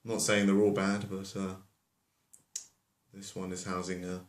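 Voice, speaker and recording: A man's voice: low-pitched, monotone, normal speed. A man telling a fairy tale as a comedy, rambling with offhand asides. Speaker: storyteller. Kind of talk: comic storytelling. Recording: roomy echo.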